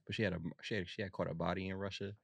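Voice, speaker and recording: Young guy on a podcast, lowish voice, dry close mic, lots of slang and laughing. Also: flat delivery, vocal fry, no echo. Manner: slangy, laughs often, acts out quick voices. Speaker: podcast co-host. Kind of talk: casual chat.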